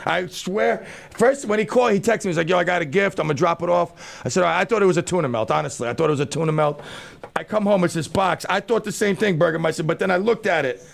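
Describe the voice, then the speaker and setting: Gravelly man hosting a radio show. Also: sits high, fast. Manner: joking, self-mocking banter. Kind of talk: casual radio talk. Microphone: studio microphone.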